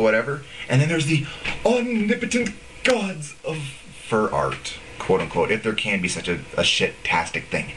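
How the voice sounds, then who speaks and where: A man's voice: mid-range voice, fairly bright tone, a little hiss or hum, rough recording. A young man ranting in a casual video blog, profane, rambling and sarcastic. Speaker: video blogger.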